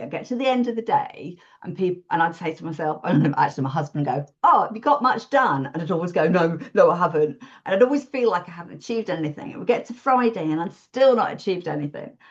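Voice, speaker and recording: A woman chatting openly about her freelance work in a relaxed interview, self-deprecating and quick to laugh. Her voice sits a little low. The audio is dull and lo-fi, like a remote call. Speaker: WordPress support freelancer, podcast guest. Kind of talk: casual interview chat.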